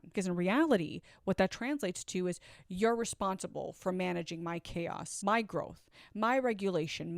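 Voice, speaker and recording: A woman in her forties telling her own story earnestly, swinging from loud urgency to hushed asides. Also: on the low side, no room sound, clean studio sound. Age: 40s. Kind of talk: confessional storytelling.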